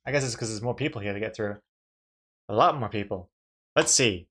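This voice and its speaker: A man's voice: fairly low pitch, brisk, pushed and bright, husky. A male streamer giving chatty live-stream commentary on a drawing game, reacting with frequent laughs.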